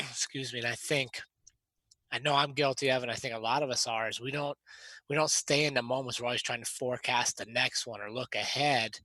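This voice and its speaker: A man co-hosting a podcast, talking in an easy, animated way and laughing often. His voice is bright and forward, recorded close and dry with no room sound. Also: medium pitch, fairly quick, dry recording. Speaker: podcast co-host. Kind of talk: casual chat.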